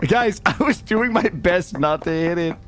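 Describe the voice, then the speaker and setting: A man streaming a survival game live, chatting with viewers in an excitable, jokey way and arguing his case to chat. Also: high-pitched, normal speed, a little hiss or hum. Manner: excitable, jokey, defensive with chat, yelps and laughs. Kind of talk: live gameplay commentary.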